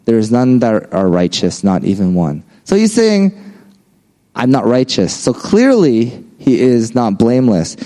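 A man's voice: mid-range voice, very animated, unhurried, dark tone, rough recording. A man giving a casual, conversational sermon, often checking in with "right?". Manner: conversational, frequent "right?" tags. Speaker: preacher.

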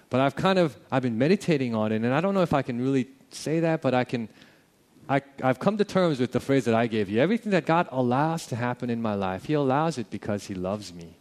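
A young father telling a personal faith story in a casual, animated way, acting out what people said and chuckling now and then. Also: medium pitch.

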